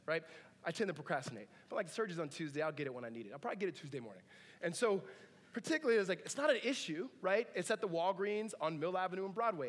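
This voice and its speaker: High-voiced man preaching in a reverberant hall. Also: fairly bright tone. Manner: conversational and joking, with asides and laughs. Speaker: pastor. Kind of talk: sermon. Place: church sanctuary.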